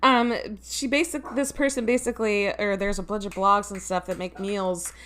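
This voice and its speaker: A woman's voice: medium pitch, fairly even intonation, moderate pace, fairly bright tone. A woman co-hosting a podcast in casual chat, rambling and laughing often, often trailing off mid-sentence. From Ohio, USA. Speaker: podcast co-host.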